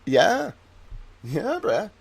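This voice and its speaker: A man streaming live, reading profiles aloud and ranting with excitable, profane mock outrage. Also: high voice, extremely slow, gravelly, husky. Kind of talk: live-stream commentary while reading online.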